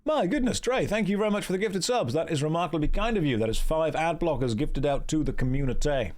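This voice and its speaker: An English man streams an online game, his fairly high voice full of lively intonation as he talks fast. He chats casually with viewers, reads their messages with wry teasing, and thanks donors warmly.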